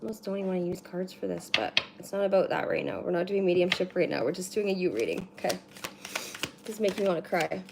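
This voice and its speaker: A woman's voice: fairly low pitch, fast talker, vocal fry. Chatty woman giving a card reading. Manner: chatty, rambling, swears casually, many "like" fillers. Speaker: card reader. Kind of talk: casual livestream card reading. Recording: noisy with card shuffling and clicks. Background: shuffling cards and clicks.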